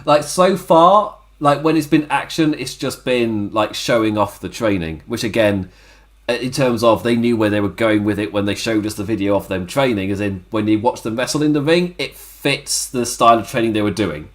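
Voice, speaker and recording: A man with a worn-out, hoarse throat, co-hosting a casual wrestling review podcast and laughing often. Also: lowish voice, normal speed. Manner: laughs often, chatty and self-mocking. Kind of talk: casual chat.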